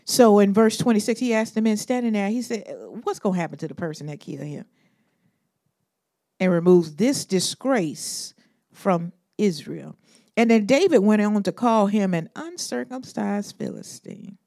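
A woman preaching a sermon. She is animated and swings between loud emphatic bursts and hushed asides, acting out Bible figures in modern slang. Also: medium pitch, moderate pace, gravelly, dry recording, studio quality.

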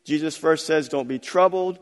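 A middle-aged man preaching a sermon, repeating phrases and swinging between quiet, intimate stretches and loud, emphatic climaxes. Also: fairly high pitch, normal speed. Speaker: pastor. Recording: long hall reverb.

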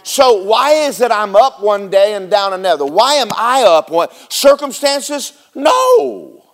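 A man preaching a sermon, firing rapid rhetorical questions at his congregation. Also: high-pitched, big pitch swings.

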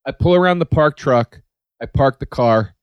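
A man hosting a podcast, telling a story in a casual, animated and heavily profane way. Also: mid-range voice, moderate pace, clean tone, dry recording, dull audio. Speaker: podcast host.

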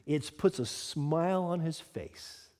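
A man's voice: a little high, takes it slowly, a little mellow. A man preaching a sermon as a pastor, moving between earnest teaching and casual conversational asides. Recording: long hall reverb.

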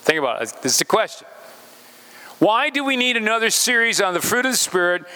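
A man's voice: sits high, big pitch swings, brisk, sharp tone, big-room sound. A pastor preaching a sermon, speaking straight to his congregation and asking them questions as he goes.

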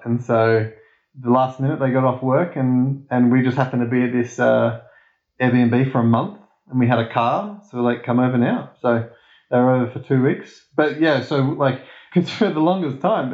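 A man's voice: mid-range voice, a little mellow. Laughing Australian man, echoey dull audio. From Perth, Australia. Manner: rambling, laughs often, self-mocking. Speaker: guest. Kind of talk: casual chat.

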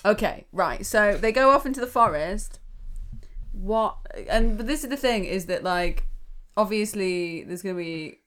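A woman's voice: medium pitch, expressive, unhurried, a bit bright. A woman co-hosting a podcast, recounting a film plot in a wry, giggly casual chat. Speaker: podcast co-host.

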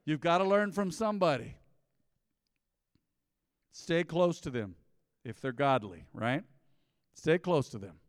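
In a church sanctuary, a middle-aged pastor delivers a sermon in a smooth, resonant voice pitched slightly high, with lively intonation. He pushes his points in emphatic, rising bursts and slips in quick acted asides. The close, dry mic is trailed by a long hall reverb.

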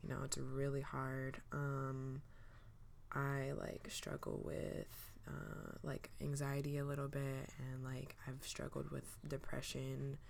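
A woman's voice: completely flat delivery, slow pace, vocal fry, a little mellow, a little hiss or hum. A young woman hosting her own podcast, talking alone in a sleepy, hesitant, reflective way with many fillers. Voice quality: low, a little manly voice. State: sleepy, just woke up. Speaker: podcast host. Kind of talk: casual solo podcast monologue.

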